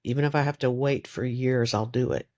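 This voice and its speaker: A man's voice: medium pitch, fairly even intonation, brisk, darkish tone, natural voice. Give me a protective peasant woman, read by a man, cold and emphatic in an audiobook. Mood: menacing. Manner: cold, cutting, emphatic threats.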